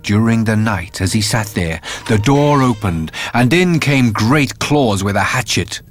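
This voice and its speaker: A man narrating a fairytale in an expressive, animated reading. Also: on the low side, measured pace. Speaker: storyteller. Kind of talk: storybook narration. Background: faint music.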